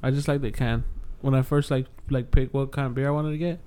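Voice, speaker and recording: A man's voice: mid-range voice, steady tone, quick pace, dark tone, clear, resonant tone. A man in casual crude chat with friends, laid-back and joking, talking in slang.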